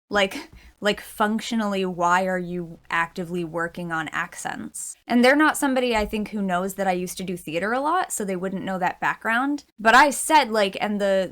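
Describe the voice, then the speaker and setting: A woman vlogging in a casual, chatty way, rambling through asides and quoting what people said with lively jumps in pitch. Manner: chatty and rambling, full of asides and quoted self-talk. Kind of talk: casual chat to camera.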